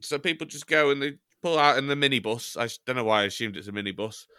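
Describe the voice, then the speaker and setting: A man's voice: medium pitch, little pitch movement, fast, sharp tone, clean tone, dry recording, studio quality. Rambling, jokey man. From Chester, England. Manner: rambling, jokey, swears casually. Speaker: podcast co-host. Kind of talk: casual banter.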